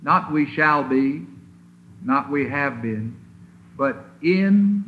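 A man preaching a sermon in an emphatic, deliberate way, leaning hard on single words, heard on a lo-fi old recording from a chapel. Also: mid-range voice. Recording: tinny lo-fi old sermon recording with faint hiss.

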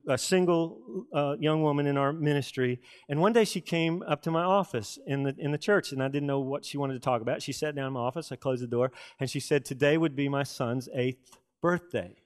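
Storytelling pastor, somewhat high voice. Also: male voice, clean tone. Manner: storytelling with folksy asides and dramatic pauses. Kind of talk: sermon.

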